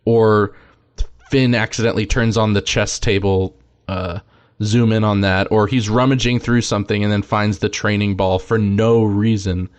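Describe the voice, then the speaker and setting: A man with a fairly low voice chats on a podcast. He pushes his opinions with emphatic enthusiasm, sounding sure of himself. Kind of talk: casual podcast discussion.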